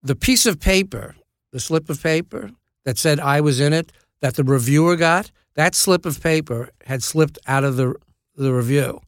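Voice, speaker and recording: Gravelly older actor spinning an anecdote, dry close sound, stop-start delivery. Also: male voice, fairly high pitch, no echo. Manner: lively storyteller, halting restarts and asides. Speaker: actor guest. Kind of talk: anecdotal interview storytelling.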